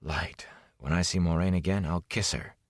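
A man voicing an earnest young man who speaks tersely and quietly. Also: low voice, normal speed, breathy edge, dry recording, studio quality.

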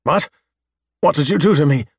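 A man's voice: on the high side, a little fast, gravelly, no echo, pitched above the performer's own voice. A man voicing a rebuilt android man who is panicky, pleading and close to tears. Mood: frightened pleading. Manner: panicky, pleading, almost weepy.

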